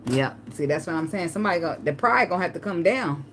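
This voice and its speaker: Woman tarot reader, lowish voice, lively storytelling monologue, faint background hiss. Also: fast talker. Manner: animated storytelling, acts out begging in a high pleading voice, laughs often. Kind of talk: casual spiritual advice monologue.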